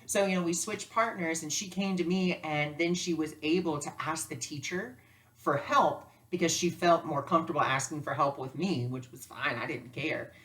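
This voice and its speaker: A woman teaching spiritual lessons through personal stories, animated and acting out dialogue. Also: low voice, moderate pace. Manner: animated, acts out dialogue with lively voices. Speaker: spiritual teacher and life coach. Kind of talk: storytelling lesson.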